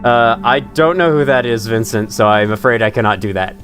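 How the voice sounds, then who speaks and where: A man's voice: medium pitch, fairly even intonation, fairly quick, a bit bright, faint music behind. A man streaming a game live, chatting casually, laughing often and poking fun at himself. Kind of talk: live gameplay commentary.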